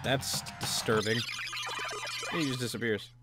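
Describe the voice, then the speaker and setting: A man's voice: medium pitch, fairly even intonation, measured pace. A man casually commentating a game he plays, laughing and reading text aloud. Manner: casual, laughs often, reads text in voices. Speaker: let's play host. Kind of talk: gameplay commentary. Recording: voice over game music.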